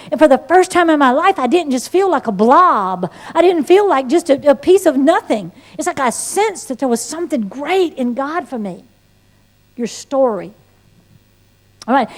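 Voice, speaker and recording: A woman leads an evangelism class, speaking in a high, bright register. She teaches in a sermon-like way and weaves in her own testimony. Her delivery is folksy and lively, with playful asides.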